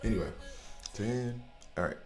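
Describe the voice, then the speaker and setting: A man in his forties from the United States chats his way through a game livestream, drifting off topic and laughing easily. His voice sits low and deep. Quiet music plays faintly behind him. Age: 40s. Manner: rambling, chatty, quick to laugh. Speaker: game streamer. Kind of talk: casual livestream commentary. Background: faint background music.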